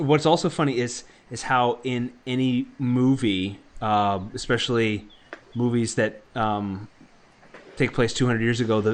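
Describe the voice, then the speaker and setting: A lowish-voiced man, a podcast co-host, chats casually on a livestream. He rambles, with many fillers and restarts.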